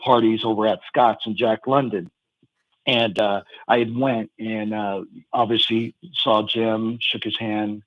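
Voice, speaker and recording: A man calling in to a radio show, telling a fond memory in a rambling, halting way with lots of fillers and restarts. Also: on the low side, little pitch movement, no room sound, lo-fi sound. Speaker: caller sharing a fan memory. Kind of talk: casual phone-in storytelling.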